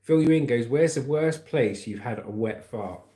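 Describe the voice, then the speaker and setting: A man's voice: mid-range voice, moderate pace, dark tone, roomy sound. A man hosting a casual livestream, chatting cheekily and laughing as he reads out viewer comments and news stories. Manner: chatty and cheeky, laughing at his own jokes. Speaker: livestream host.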